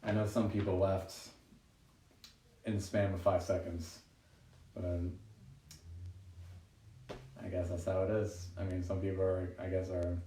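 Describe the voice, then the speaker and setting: A man's voice: low-pitched, warm tone. A man doing a live-streamed stand-up monologue from home during quarantine, rambling and self-deprecating and laughing often at his own jokes. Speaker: stand-up comedian. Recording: roomy, distant home recording with faint noise.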